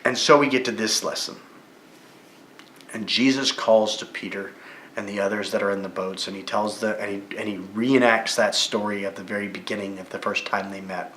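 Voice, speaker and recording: A man teaching a Bible study lesson in a church, retelling the story vividly and rising with excitement at key moments. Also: on the low side, normal speed, slight background noise. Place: church room. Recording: echoey room.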